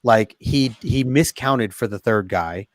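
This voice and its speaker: An American man retelling comic scenes in a relaxed, rambling way, with plenty of fillers. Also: mid-range voice, slow pace, no echo, studio quality. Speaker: podcast co-host. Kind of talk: casual chat about comics.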